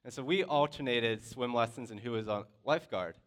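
Guy with a smooth clear voice telling a story to his class, loose and chatty. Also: medium pitch, fairly quick. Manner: lively storyteller, loose and conversational with many fillers. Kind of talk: personal story told to a class.

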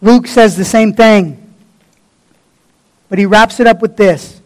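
A man's voice: high voice, slow, rough recording. A man preaching a sermon in a fervent, blunt and colloquial way.

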